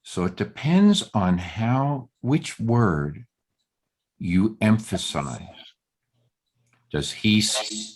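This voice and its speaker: A man leading a group Torah study discussion, halting and searching for words as he reads passages aloud and weighs which word to stress. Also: on the low side, sing-song.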